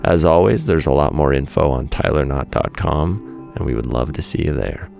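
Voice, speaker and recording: A man's voice: extremely low pitch, moderate pace, vocal fry, a little mellow, soft background music. A man hosting his own podcast, reading a personal essay aloud in a reflective, candid way. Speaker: podcast host. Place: home in Montana.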